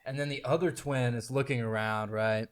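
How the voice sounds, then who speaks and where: A man's voice: mid-range voice, steady tone, moderate pace, clear, resonant tone. A young man hosting a casual podcast chat, laughing as he tells stories and acting out the people in them. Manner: laughs through stories, acts out quoted voices. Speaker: podcast host.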